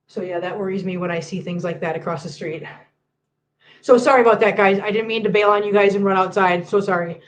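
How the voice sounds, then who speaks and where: A woman's voice: mid-range voice, steady tone, a little fast, rough recording. A woman hosting a casual live-stream chat, talking in long rambling runs and repeating herself. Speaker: host of a cat channel live stream.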